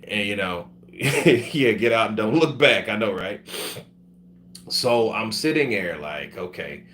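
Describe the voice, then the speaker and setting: A man with a fairly low voice tells his story casually and swears freely. He is sick, and he acts out the people he talks about. A faint hum runs behind him. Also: slow pace. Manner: profane, animated, acts out other people's voices. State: sick with covid. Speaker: vlogger telling his travel story.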